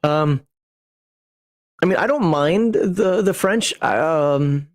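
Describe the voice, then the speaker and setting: A man's voice: fairly high pitch, lively intonation, extremely slow, no room sound, clean studio sound. A man hosting a casual livestream as a game master, talking in a rambling, digressive way and chuckling at himself as he builds a character. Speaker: game master and channel host.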